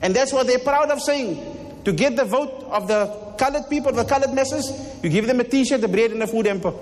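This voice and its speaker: A man's voice: very high voice, normal speed. A man with a South African accent delivering a Friday sermon in a mosque, impassioned and repeating rhetorical questions. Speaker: mosque preacher. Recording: long hall reverb.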